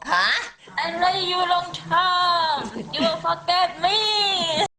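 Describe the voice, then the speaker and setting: A lovesick, clingy young woman pleads in a very high, slow falsetto, as a man puts her on. Her words drag out tearfully. Music plays clearly behind the voice. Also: exaggerated voice, poor audio. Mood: pleading.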